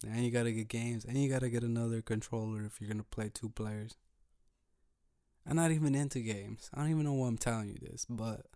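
A man hosting his own podcast, talking slowly and calmly while thinking aloud, in a laid-back, low-energy way. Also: smooth, dry recording, clean studio sound. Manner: slow, calm, thinking aloud. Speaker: podcast host. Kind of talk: solo motivational podcast talk.

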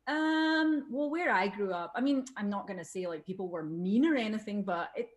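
A woman's voice: mid-range voice, expressive, normal speed. A Scottish woman, a veteran voice actor, chatting as a guest in an interview, swearing casually and talking with plenty of fillers. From Scotland. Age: middle-aged.

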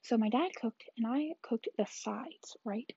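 A woman's voice: a little high, a little slow, mellow, dull audio, slight background noise. An eighteen-year-old woman chatting through a rambling vlog story, often dropping into whispered asides. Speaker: vlogger.

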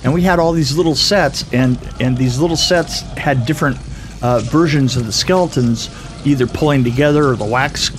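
A man co-hosting a casual podcast, telling stories in an animated, jokey way. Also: medium pitch, moderate pace, slight background noise. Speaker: podcast co-host, film effects veteran.

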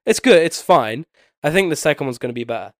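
A man's voice: a little high, animated, quick pace, dry recording, studio quality. A young man with a nasally voice, sick with a bad cold and short on sleep, chatting casually and rambling as a podcast co-host. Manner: rambling, loses his train of thought. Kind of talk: casual chat.

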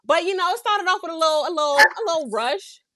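A woman's voice: extremely high pitch, animated, quick pace, pushed and bright, no room sound. A young woman in casual chat, telling a vivid, profane story about her year.

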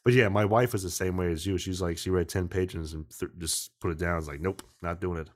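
A man's voice: sits low, fairly even intonation, fairly quick. A man hosting a podcast over a video call, rambling casually, swearing often and cutting himself off mid-sentence. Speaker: podcast host.

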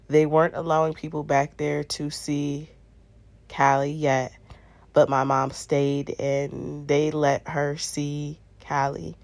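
It's a relaxed personal anecdote from a young woman vlogger, her low, slightly mellow voice peppered with "um" and "I'm like" quotes. There's no room sound in the recording.

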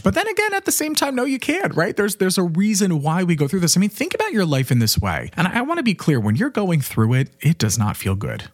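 Earnest young man with a husky, lively voice. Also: on the high side, a little fast, no echo, clean studio sound. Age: 20s. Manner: earnest and fervent, with frequent "you know" and "right?". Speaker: podcast host and life coach. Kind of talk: motivational self-help monologue.

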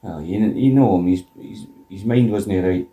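A man's voice: deep voice, moderate pace, mellow. A Scottish man co-hosting a podcast, adding dry, sardonic and sweary asides in casual chat. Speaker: podcast co-host.

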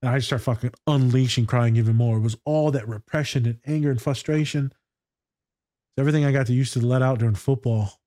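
Here a male therapist reacts to a TV scene in loose, blunt conversation, spinning stories laced with profanity. He speaks a little fast at a medium pitch with a dark tone, and the studio sound is clean and dry.

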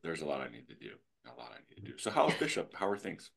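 A man's voice: rumbling low, wildly swooping pitch, quick pace, vocal fry, a bit bright, slightly rough. A man hosting a casual podcast, a jokey, rambling storyteller. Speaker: podcast host, animal control officer.

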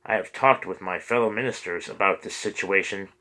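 A man's voice: low-pitched, a little fast, sharp tone, rough recording. A man reading the lines of an earnest priest who pleads with his congregation for peace. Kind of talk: audiobook character reading.

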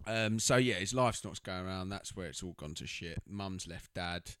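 A man's voice: low-pitched, normal speed, smooth, no echo, studio quality. A man, co-hosting a podcast and recapping a film in casual chat, acting out the characters' lines with lots of swearing. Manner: animated, swearing, acting out quotes. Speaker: podcast co-host.

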